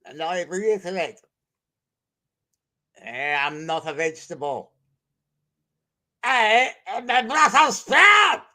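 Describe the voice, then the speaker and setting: A high, bright, rowdy Brussels sprout. He is simple-minded and drawls slowly, like a football hooligan in an improvised comedy bit.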